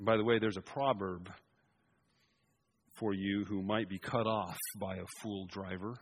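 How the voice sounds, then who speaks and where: A man preaching an expository sermon, shifting between emphatic raised passages and quiet asides. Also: fairly low pitch, fairly even intonation, measured pace, slight background noise.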